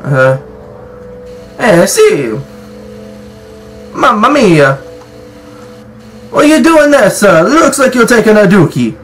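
A man's voice: high voice, very animated, takes it slowly, long pauses, a bit bright, soft background music. A man hosting a gaming channel, giving jokey, profane let's-play commentary and scolding the game's characters.

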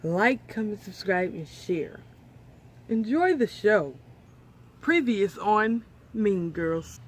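A woman creator opening her video with a slow, casual greeting to viewers. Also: mid-range voice, animated, a little hiss or hum. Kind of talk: casual vlog intro.

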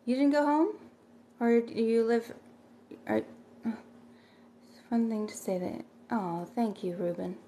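A woman's voice: fairly high pitch, fairly even intonation, slow, long pauses, dark tone. A middle-aged woman chatting casually on a livestream, rambling and thanking viewers by name as she reads their comments.

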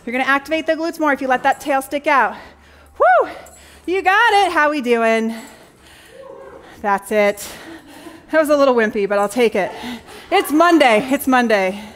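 A woman's voice: high-pitched, normal speed, long pauses, a bit bright. A young adult woman teaching a Pilates jump board class, counting reps and cheering, a little out of breath. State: slightly out of breath. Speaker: Pilates instructor. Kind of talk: fitness class cueing.

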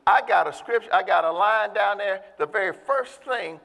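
A man preaching a sermon with emphasis, calling out to the congregation and slowing down to stress key words. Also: high voice, gravelly, fairly bright tone. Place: church. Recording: long hall reverb.

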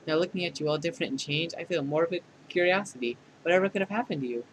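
A man's voice: rapid-fire, slight background noise, lightly acted, poor audio. A man voicing a smug female AI program. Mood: taunting. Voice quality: mocking, clinical put-downs. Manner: deadpan scolding that tips into shrill outbursts. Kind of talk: fan dub of a dating game.

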